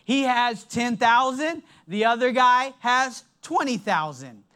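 A preacher giving a sermon in an emphatic, deliberate way, dropping his voice low to stress points. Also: lively intonation, bright, forceful tone, smooth.

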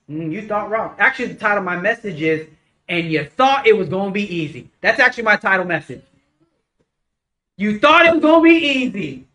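A man preaching a casual, conversational sermon, telling stories with lively acted-out dialogue. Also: sits high, brisk, low-quality recording. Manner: animated storytelling, acts out dialogue.

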